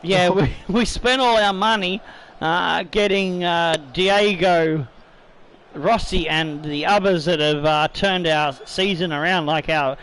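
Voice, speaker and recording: A man's voice: sits high, slow, a bit bright, a little hiss or hum, poor audio. A man hosting a football video game let's-play in a chatty, rambling way, a bit tipsy with slightly slurred words and casual swearing. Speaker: gaming YouTuber host.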